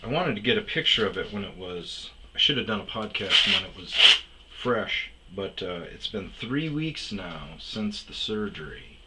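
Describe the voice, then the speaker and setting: A man's voice: on the low side, lively intonation, moderate pace, noisy background. A middle-aged man hosting his own podcast, rambling through a profane, exasperated rant. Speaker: podcast host. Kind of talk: casual rant.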